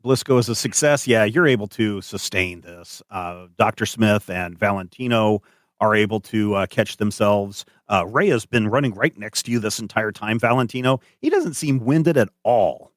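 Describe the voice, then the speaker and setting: A man narrating as game master of a tabletop game, animated and hesitant with many fillers. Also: fairly low pitch, normal speed, dry recording, clean studio sound.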